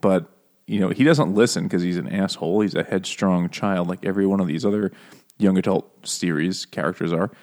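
Low-voiced man in joking banter. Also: a little mellow. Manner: joking, profane, quick to laugh. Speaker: podcast co-host. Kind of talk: casual book-discussion banter.

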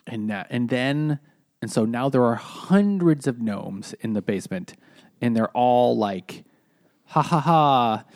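A young man co-hosting a comedy podcast, recounting things in a rambling, halting way with lots of fillers. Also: medium pitch, dark tone, no echo, clean studio sound. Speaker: podcast co-host. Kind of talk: casual comedic chat.

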